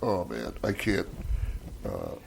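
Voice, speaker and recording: Gravelly, relaxed older man telling stories. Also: deep voice, slow, a little hiss or hum. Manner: rambling storytelling, frequent swearing and fillers. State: relaxed after a massage. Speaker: stand-up comedian guest. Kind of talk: casual chat.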